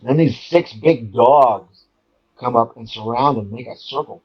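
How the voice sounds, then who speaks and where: In a casual chat, a male guest tells a story with lots of energy, though he halts often, restarts, and repeats words. His pitch is medium and the audio sounds dull.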